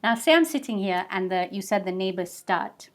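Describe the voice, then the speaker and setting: A woman's voice: mid-range voice, expressive, moderate pace. Woman patiently explaining in a studio. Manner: patient, teaching with everyday examples and check-ins. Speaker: guest mindfulness expert. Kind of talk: explanatory interview talk.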